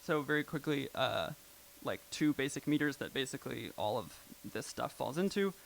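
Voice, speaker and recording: A man's voice: medium pitch, lively intonation, moderate pace, vocal fry, a little hiss or hum, poor audio. A man giving a casual live talk at a poetry and technology evening, loose and chatty with many fillers. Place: live event venue.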